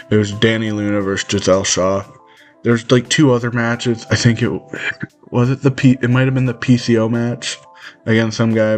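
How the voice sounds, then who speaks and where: A young man telling a story in a casual vlog rant, animated and swearing freely, often jumping into high-pitched voices to act out what others said. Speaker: vlogger.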